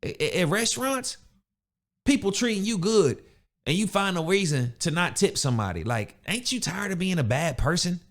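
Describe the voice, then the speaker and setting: A young man rants into his podcast mic, blunt and animated, full of street slang. His voice sits a bit higher than most men's. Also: moderate pace. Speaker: podcast host. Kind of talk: casual motivational rant.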